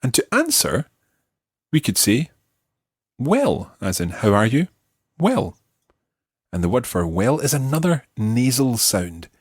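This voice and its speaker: A man hosting an audio language lesson, explaining patiently and modeling words slowly for listeners to repeat. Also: medium pitch, big pitch swings, slightly rough, no room sound. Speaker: language teacher and host.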